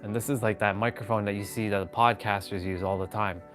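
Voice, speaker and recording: A man's voice: on the low side, steady tone, fast talker, fairly bright tone, faint music behind. A man chatting casually on a live stream from his phone at home, rambling and greeting viewers by name. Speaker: vlogger. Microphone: phone on gimbal.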